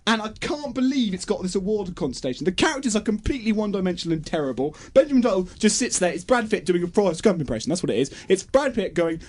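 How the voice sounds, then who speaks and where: A young man giving a comic, exasperated film review that keeps bursting into shouted tirades. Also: high-pitched, very animated, quick pace, hardly any pauses.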